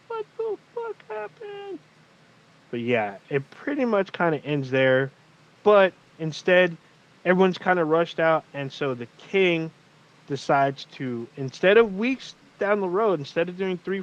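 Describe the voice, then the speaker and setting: A man's voice: on the high side, normal speed. A man recapping a TV episode in casual podcast chat, swearing often and acting out the characters' lines. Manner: animated, profane storytelling with acted quotes. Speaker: podcast co-host. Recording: muffled lo-fi audio.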